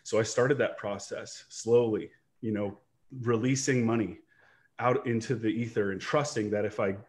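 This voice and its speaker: A man's voice: on the low side, fairly even intonation, normal speed. A man who runs an online business and coaches, talking earnestly and reflectively on a video call, rambling with restarts and checking in with "right?". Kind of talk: candid personal storytelling in a video-call interview.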